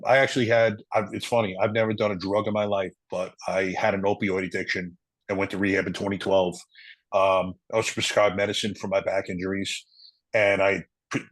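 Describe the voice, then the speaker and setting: A middle-aged man, a retired police officer, earnestly telling a personal story in an interview, halting and emotional at times. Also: on the low side, no echo, rough recording.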